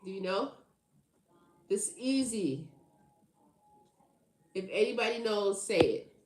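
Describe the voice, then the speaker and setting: A woman's voice: medium pitch, lively intonation, slow pace, echoey room, background noise. A woman hosting a tarot livestream, chatting casually with viewers in a teasing, slangy way and laughing often. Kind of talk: casual live chat with viewers.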